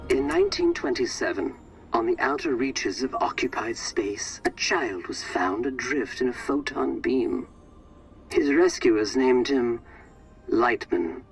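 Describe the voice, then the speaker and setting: A man voicing the stately narrator of a video game, telling a space legend in measured, scripted narration. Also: mid-range voice, poor audio. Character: grand male storybook narrator of a space legend.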